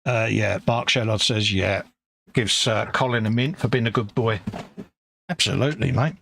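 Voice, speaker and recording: A man's voice: on the low side, normal speed, creaky, fairly bright tone, slight background noise. A middle-aged man with a London accent, co-hosting a live hobby stream in easygoing, self-mocking chat. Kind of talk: casual banter.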